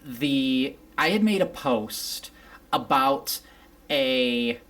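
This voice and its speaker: A woman's voice: rumbling low, animated, drawn-out words, fairly bright tone. A woman hosting a casual interview, curious and rambling, with many fillers. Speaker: podcast host.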